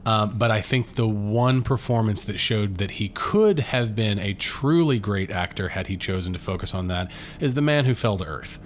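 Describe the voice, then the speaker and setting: A man's voice: lowish voice, normal speed, few pauses, a little hiss or hum. A man co-hosting a podcast, chatting casually about a film as he watches, rambling with lots of fillers and restarts. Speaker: podcast co-host. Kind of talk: casual movie commentary chat.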